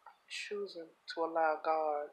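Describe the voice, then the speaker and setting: A woman speaking in a personal confessional vlog, earnest and heartfelt, holding back tears, with halting repeats. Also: low voice, steady tone, low-quality recording. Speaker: vlogger.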